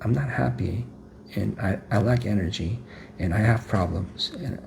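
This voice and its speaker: A man voicing a proud, lonely man who boasts that he needs no one, pitched up in a sermon. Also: normal speed, vocal fry, darkish tone, slight background noise. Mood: boastful. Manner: boastful, strained, self-contradicting.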